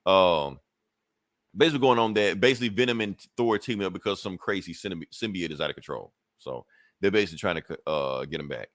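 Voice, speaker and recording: A man with a lowish voice, talking loosely through a comic recap on a podcast. He swears freely and circles back with fillers and restarts. The sound is dry and close, with no room around it. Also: quick pace, no echo. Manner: rambling, profane, full of fillers and restarts. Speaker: podcast host. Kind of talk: casual comic book recap.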